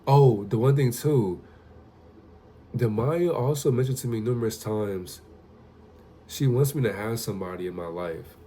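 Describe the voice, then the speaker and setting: A man's voice: on the low side, mellow, slight background noise. A young man telling a casual, profane story straight to the camera as a vlogger. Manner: loose, profane, conversational storytelling.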